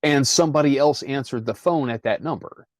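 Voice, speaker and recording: A man running a tabletop game as game master, animated and laughing often. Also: medium pitch, fairly quick, dry recording.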